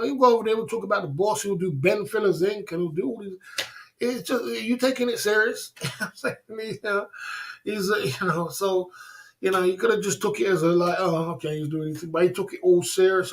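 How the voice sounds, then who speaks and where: A man's voice: high voice, fast. Rambling livestream host, man. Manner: rambling, repeats himself, many fillers and restarts. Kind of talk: casual livestream rant. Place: Thailand.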